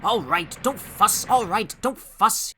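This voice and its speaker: A man's voice: very high voice, big pitch swings, unhurried, pushed and bright, slight background noise, voice pushed up, heavily acted. A man doing shrieking silly freight trucks. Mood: shrill. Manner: squealing, mocking, giggling. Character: silly noisy freight trucks, shrill and giggly. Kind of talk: storybook audiobook voice acting.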